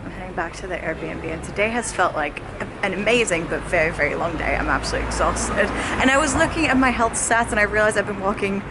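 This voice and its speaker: A woman's voice: mid-range voice, expressive, quick pace, heavy background noise. A young woman talking casually to a handheld camera as a travel vlogger, upbeat and chatty, often laughing. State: out of breath walking uphill. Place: outdoors and indoors while traveling. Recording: music playing underneath.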